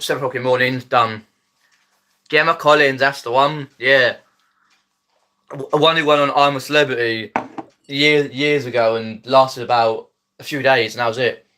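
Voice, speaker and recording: On a casual phone live stream, an Epsom, Surrey man chats to viewers in a Mockney, South East English accent, letting his aitches drop. His mid-pitched voice is bright with a forward edge. Rambling and hesitant, he piles up ums and restarts and laughs a lot.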